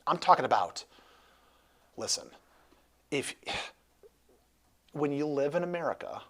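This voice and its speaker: A man hosts a relaxed talk interview in a husky voice. He rambles, restarts his sentences and jokes around as he goes. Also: on the high side, a little slow. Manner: rambling, jokey, many restarts. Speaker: host. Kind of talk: casual interview chat.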